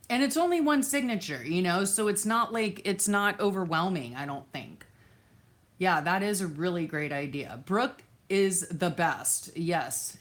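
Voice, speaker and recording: Woman, lowish voice, casual live-stream chat, rambling, friendly thanks to viewers, drifts off mic at times. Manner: chatty, reads viewer comments aloud, thanks viewers by name; many fillers and restarts, easily distracted. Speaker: crafting livestream host.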